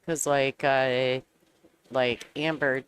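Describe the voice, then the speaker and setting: A woman with a deep bass voice commentates a pool match in casual play-by-play, speaking very slowly and smoothly with little pitch movement. She's a chatty, bantering sports commentator who often laughs as she talks.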